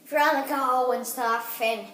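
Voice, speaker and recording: A woman's voice: high voice, fairly even intonation, moderate pace, a bit bright, echoey room. A woman giving a goofy, rambling casual how-to vlog, cutting herself off with silly asides. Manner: goofy, rambling, self-interrupting. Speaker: vlogger demonstrating a snack.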